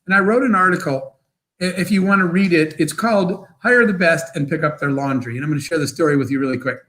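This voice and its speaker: A man, a guest entrepreneur, telling motivational stories in an interview in an animated, quick way. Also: fairly high pitch, rough recording. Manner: animated, fast storyteller with bursts of laughter.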